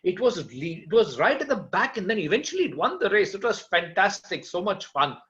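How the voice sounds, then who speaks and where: A man doing a breezy, excited far-seer. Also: sits high, brisk, full character voice. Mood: gleeful. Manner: breezy, matter-of-fact, excited. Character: cheerful, chatty far-sighted man. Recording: dull lo-fi recording.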